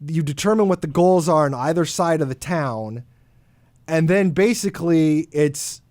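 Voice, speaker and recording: A man's voice: fairly high pitch, moderate pace, a little mellow, dry recording. A man co-hosting a casual sports podcast, joking and teasing the others. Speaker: podcast co-host.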